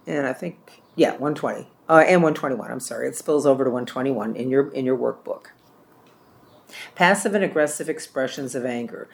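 A man teaching a church care-ministry class, with a voice of ordinary middle pitch. He speaks plainly and often repeats or corrects himself as he goes. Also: vocal fry.

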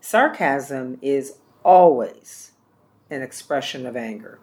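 A man's voice: mid-range voice, lively intonation, takes it slowly, darkish tone. A man leading a church care-ministry training class, teaching in a plain-spoken way and often repeating or correcting himself.

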